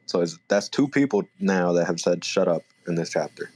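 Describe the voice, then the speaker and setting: A man with a very low, deep voice co-hosts a relaxed podcast. He talks in an easy, laid-back way, thinking aloud and correcting himself as he goes. He sounds casual and conversational throughout. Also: normal speed. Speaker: podcast co-host. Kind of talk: casual chat reviewing a manga chapter.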